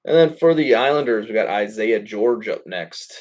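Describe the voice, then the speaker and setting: A man's voice: on the low side, animated, moderate pace, darkish tone. A man hosting a live trading-card break, calling out each pull in a casual, rambling way, with the odd curse and chuckle. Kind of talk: live card-opening commentary.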